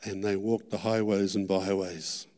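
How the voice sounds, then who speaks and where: Fervent Australian preacher in an echoing hall. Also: male voice, low voice, flat delivery, a little slow. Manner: earnest, fervent, repeating words, rising to loud peaks. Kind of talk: sermon testimony. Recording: long hall reverb.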